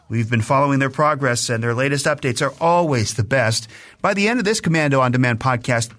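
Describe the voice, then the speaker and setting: A man's voice: mid-range voice, fairly bright tone. A man reading the scripted opening promo for a podcast in an upbeat announcer style. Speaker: show announcer.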